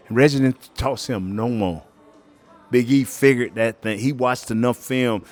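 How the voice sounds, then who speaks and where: A man's voice: mid-range voice, normal speed. A middle-aged man, a former pro football player, telling stories as a guest in a casual interview and acting out the voices of the people in them. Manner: animated storyteller who acts out quoted voices and laughs often.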